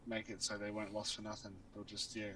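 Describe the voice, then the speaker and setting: A man's voice: on the low side, monotone, fast talker, pushed and bright, recorded from a distance, low-quality recording. A man co-hosting a casual chat, cutting in with short remarks and laughs. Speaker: podcast co-host. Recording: gravelly voice off-mic with faint room noise.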